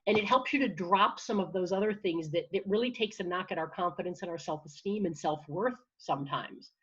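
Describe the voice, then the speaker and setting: Husky-voiced woman coaching with energy. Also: fairly low pitch, a little fast, lo-fi sound. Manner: energetic, encouraging, with frequent restarts. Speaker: confidence and public speaking coach. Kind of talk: conversational interview answer.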